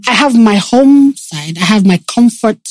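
Woman, casual chat, animated, laughing, dry close recording. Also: a little high, unhurried, no echo. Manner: animated, laughs often, slips into put-on voices. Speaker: guest, entertainer and event host.

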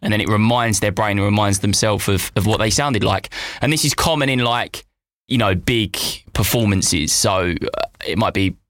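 A British man with a fairly low voice chats loosely on a podcast, filling his sentences with "like" and "you know". The sound is dry and close. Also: normal speed, no echo. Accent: British English. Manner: relaxed, rambling with many fillers. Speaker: podcast co-host. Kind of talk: casual chat.

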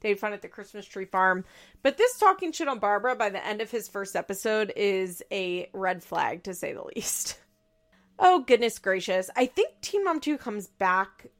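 A woman hosting a podcast, chatting casually and laughing often as she recaps. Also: medium pitch. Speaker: podcast host.

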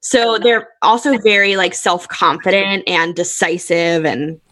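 Woman expert explaining in a low, dry voice. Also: unhurried, no echo. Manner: steady explaining, frequent "um" and "like". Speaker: Enneagram expert guest. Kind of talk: explanatory conversational chat.

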